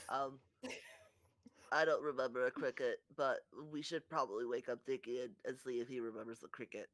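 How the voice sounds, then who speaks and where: A man voicing a gentle, affectionate male jelly creature who stammers and frets in a tabletop role-play. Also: mid-range voice, fairly even intonation, normal speed, dry recording, lightly acted. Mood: fretful.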